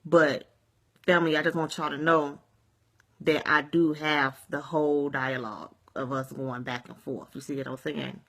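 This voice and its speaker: A woman rants to her viewers in a bright, forceful voice. She rambles, circles back to the same points, tacks "you see what I'm saying" onto her thoughts and swears without a second thought. She talks from home at the close of her day. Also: low voice, steady tone, moderate pace. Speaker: vlogger. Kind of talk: casual vlog rant. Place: at home at day's end, sage and candles burning.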